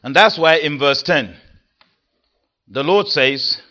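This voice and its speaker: Man, preacher, expository sermon, forceful bright tone, emphatic stresses, muffled lo-fi recording. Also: big pitch swings, a little slow. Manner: emphatic, rising to forceful stresses then dropping low.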